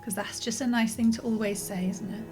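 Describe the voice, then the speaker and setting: A woman's voice: a little high, fairly even intonation, a little fast, music in the background. Chatty woman streamer, slightly breathless. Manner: rambling and apologetic, many restarts and fillers. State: a little out of breath and yawning. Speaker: game streamer. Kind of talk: casual let's-play commentary.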